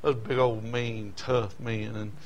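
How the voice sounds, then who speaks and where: A man's voice: on the low side, flat delivery, takes it slowly, slight background noise. A man preaching a sermon, telling personal stories in a folksy way and building to emotional peaks.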